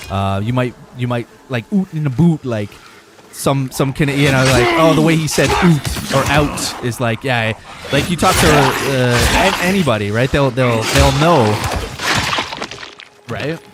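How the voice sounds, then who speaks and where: A young man from Southern Ontario with a Southern Ontario Canadian accent, chatting casually with his livestream viewers in a rambling, profane way. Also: mid-range voice. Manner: rambling, profane, talks directly to chat. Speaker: game streamer.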